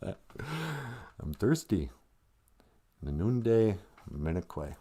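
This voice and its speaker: A man's voice: fairly low pitch, very animated, very slow, warm tone, husky. A middle-aged man hosting a comedy live stream, rambling through jokes and language lessons with playful asides.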